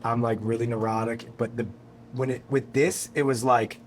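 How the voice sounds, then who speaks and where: A man from New York, a guest musician, telling a story on a podcast in a casual, animated, profane way. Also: medium pitch, normal speed, slight background noise. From New York, USA. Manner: animated, profane, acts out quotes.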